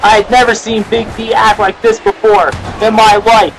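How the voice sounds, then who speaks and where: Young guy, high voice, hyped up calling a backyard-style wrestling match, yelling a lot, noisy crowd behind. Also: moderate pace, creaky. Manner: excitable, often shouting exclamations. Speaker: wrestling commentator. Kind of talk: amateur play-by-play commentary. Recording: noisy amateur video with crowd.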